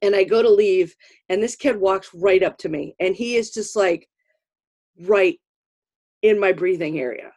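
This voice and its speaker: A woman's voice: medium pitch, a little slow, pauses often. A middle-aged woman hosting a podcast, telling stories in casual chat and laughing often. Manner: animated storyteller, laughs often. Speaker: podcast host.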